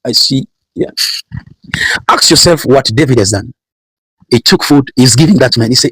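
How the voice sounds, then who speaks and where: A man's voice: medium pitch, moderate pace, pauses often, fairly bright tone, slightly rough, no room sound, rough recording. A man preaching a sermon, repeating phrases and building emphasis as he calls out Bible verses. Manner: preaching with repetition and rising emphasis. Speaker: pastor.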